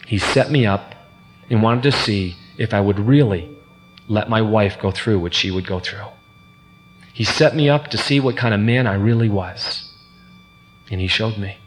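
A man giving an earnest, sermon-style personal testimony, acting out the quoted voices as he tells the story. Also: on the low side. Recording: reverberant hall with faint hum.

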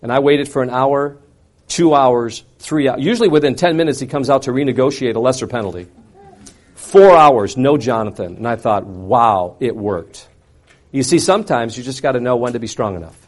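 A middle-aged man telling a personal testimony to an audience, swinging from loud, intense outbursts to quiet, hushed reflection. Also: medium pitch, a little fast. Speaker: speaker sharing a personal testimony. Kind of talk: dramatic personal storytelling to an audience.

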